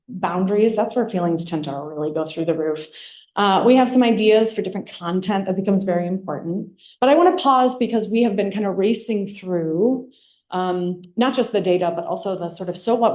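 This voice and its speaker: A woman leads a workshop in a meeting room and talks to her audience in a conversational way. Her voice is mellow and warm, and she keeps checking in with a quick "right?". The sound is roomy, with an echo off the walls. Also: medium pitch. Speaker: workshop presenter. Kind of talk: workshop talk to a live audience. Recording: echoey room.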